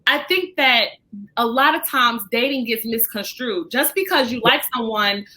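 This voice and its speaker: Woman, podcast guest; high, bright voice; animated storyteller in casual chat. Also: normal speed. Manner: animated, vents to listeners as "y'all".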